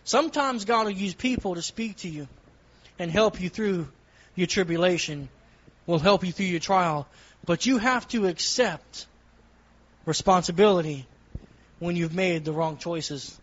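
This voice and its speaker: A man's voice: sits high, measured pace, long pauses, dull audio. A man giving an earnest testimony from the pulpit with a repetitive preaching cadence. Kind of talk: sermon testimony.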